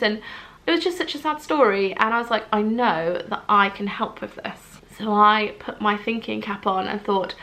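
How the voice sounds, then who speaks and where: A woman, chatting casually in a vlog, bubbly and gushing, her voice leaping up when excited. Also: medium pitch. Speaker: vlogger. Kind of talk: casual chat.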